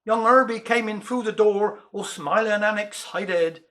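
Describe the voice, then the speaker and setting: A man's voice: sits high, a little slow, few pauses, fairly bright tone. A Cornish man performing dialect comic verse and jokes, chuckling through his own punchlines. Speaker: dialect comedian.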